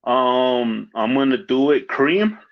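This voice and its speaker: A man's voice: medium pitch, expressive, slow pace, dry recording, muffled recording. A man chatting casually as a podcast guest, laid-back and full of slang, telling stories with acted-out quotes. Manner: laid-back slang, lots of "dog" and "fool". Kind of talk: casual chat.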